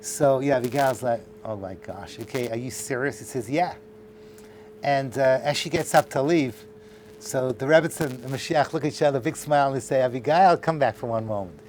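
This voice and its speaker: A man's voice: mid-range voice, normal speed, a little mellow, slight background noise. A middle-aged man, a rabbi teaching a class, telling a long story with acted-out dialogue and joking asides to a live audience in a lecture hall.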